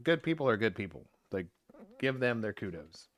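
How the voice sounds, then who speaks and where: A man's voice: fairly low pitch, big pitch swings, normal speed. A man co-hosting a podcast, joking and teasing in casual chat. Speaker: podcast co-host.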